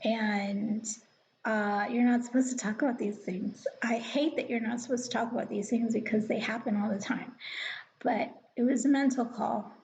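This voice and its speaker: A young woman tells a personal story in a loose, rambling, confiding way, now and then slipping into a whisper. Her voice sits a bit high and carries a gravelly fry. The recording is slightly muffled, with faint noise underneath. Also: fairly even intonation, moderate pace, a little mellow. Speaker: vlogger. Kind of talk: casual storytelling.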